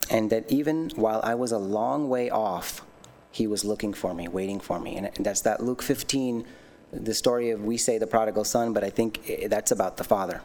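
A man giving a personal testimony in a sermon, earnest and animated, telling his story with many restarts and self-conscious laughs. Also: on the low side, normal speed. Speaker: lay speaker giving a testimony.

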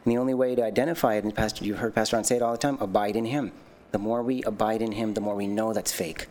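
A man's voice: on the low side, fast. Earnest man giving a church testimony. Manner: earnest, animated storytelling with laughs and many restarts. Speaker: lay speaker giving a testimony. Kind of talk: personal testimony sermon.

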